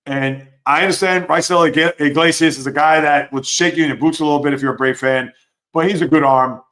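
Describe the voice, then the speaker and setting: A man hosting a live sports talk stream, reading chat comments and giving opinionated, animated reactions. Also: fairly high pitch, a little fast. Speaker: sports show host.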